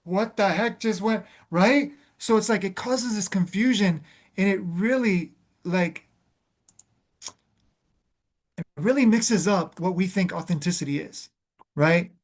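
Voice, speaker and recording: A man's voice: high voice, unhurried. Earnest man in reflective spiritual talk. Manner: earnest, calls listener "beloved"; searching, restarts phrases often. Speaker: spiritual conversation host.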